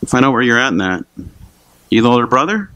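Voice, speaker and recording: A male pastor delivers a sermon in a relaxed, conversational style, posing rhetorical questions and performing Bible characters in quoted voices. His mid-range voice is sing-song and he talks fast. The recording has its highs cut off and there's background noise.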